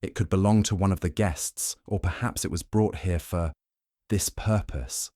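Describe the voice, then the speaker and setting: A man's voice: low voice, moderate pace, warm tone, no echo, studio quality, natural voice. A man voicing an evasive aristocratic host. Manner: polite, defensive assurances. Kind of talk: audiobook narration.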